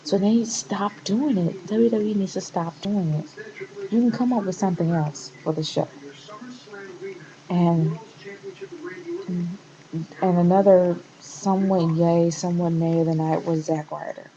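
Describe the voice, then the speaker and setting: A woman's voice: on the low side, steady tone, a little slow, long pauses, dark tone, highs cut off. Exasperated woman ranting to camera. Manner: passionate, exasperated, rambling with restarts. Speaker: wrestling vlogger. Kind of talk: casual opinion rant to camera.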